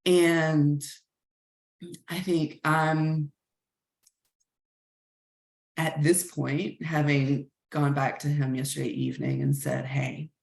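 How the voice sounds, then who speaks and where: A woman in her thirties or forties shares a frank, reflective story with a class, her low voice carrying a gravelly edge. She speaks slowly and thoughtfully. The recording has a roomy echo. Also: animated, a little mellow. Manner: reflective, frank, many "like" fillers. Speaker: communication workshop facilitator. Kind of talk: candid personal story told to a class.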